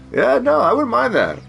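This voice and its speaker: A man's voice: high voice, creaky, fairly bright tone. A man chatting casually as a streamer, rambling, joking and swearing freely. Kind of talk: casual chat.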